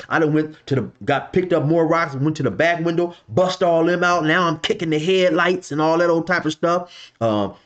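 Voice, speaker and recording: A man's voice: fairly high pitch, muffled recording. A man casually telling a story from his past in loose slang, filling it with "you know" and "man.". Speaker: vlogger telling a street story.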